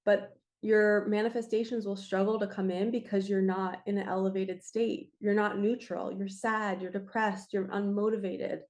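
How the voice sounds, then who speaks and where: Woman, raspy throat, passionate spiritual reader, emphatic and urging, mid pitch. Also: level tone, moderate pace, hardly any pauses, darkish tone. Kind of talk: earnest spiritual talk to viewers.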